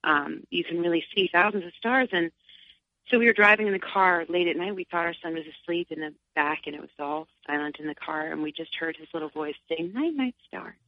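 A woman's voice: fairly quick, dry recording. Chatty middle-aged New woman. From Long Island, New York. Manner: chatty, animated, acts out her own thoughts in a higher voice. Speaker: singer and guest. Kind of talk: casual interview. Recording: dull, lo-fi sound.

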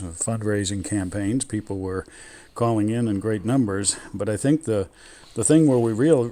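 Reflective man with a lowish voice. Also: dark tone. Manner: measured and reflective, with many restarts. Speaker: former radio station manager, guest. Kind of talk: reminiscing radio interview.

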